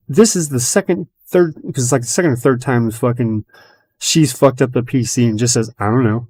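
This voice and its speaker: A man's voice: medium pitch, brisk, a little mellow, slightly rough. A man in casual podcast chat, telling a long story in a rambling way, swearing constantly and acting out what people said. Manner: retells his own and others' words as quoted dialogue. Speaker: podcast host.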